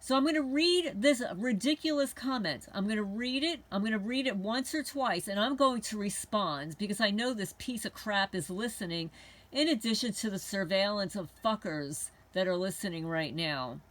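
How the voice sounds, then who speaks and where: Talking to the camera, the host of a homesteading channel rambles angrily in an indignant monologue with occasional swearing. She has a mid-range voice and speaks at a moderate pace.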